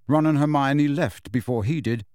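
Brief: male storybook narrator, measured and expressive, mid-pitched, dry and close. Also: no room sound. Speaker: audiobook narrator. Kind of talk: scripted narration.

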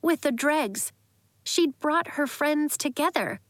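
A woman narrating a children's story in a lively, expressive way. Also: sits high, slow pace, dry recording, clean studio sound. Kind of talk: audiobook narration.

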